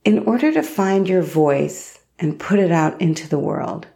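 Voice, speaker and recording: Woman host, solo podcast, mellow and gravelly tone, low register, unhurried storytelling. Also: expressive. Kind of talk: reflective solo podcast monologue.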